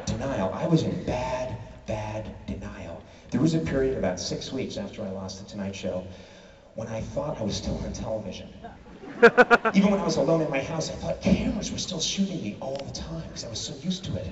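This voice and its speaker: A man performing an animated stand-up comedy routine in a large theater, shouting punchlines over a loud crowd. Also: mid-range voice, brisk. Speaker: comedian on stage. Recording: far, roomy, lo-fi concert audio with loud crowd. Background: loud audience laughter and cheering.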